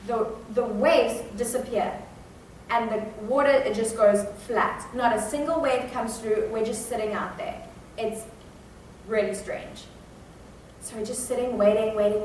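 A woman preaching a sermon, telling a personal story with animated shifts from hushed suspense to high excited outbursts. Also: slight background noise. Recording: echoey hall, voice from a distance.

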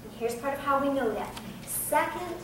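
A woman's voice: high-pitched, lively intonation, moderate pace. A woman in her forties with an American accent, giving a conversational Bible teaching in an earnest tone. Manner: earnest, conversational, laughs at herself. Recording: echoey room from a distance, faint background noise.

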